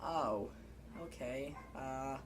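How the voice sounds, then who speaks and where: A bashful eight-year-old boy stumbles over every word in a strangely low, rumbling voice, put on by a woman. He hesitates and stammers in a comedy sketch. A steady hiss of noise sits behind him. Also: full character voice. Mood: baffled. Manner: halting, stammering.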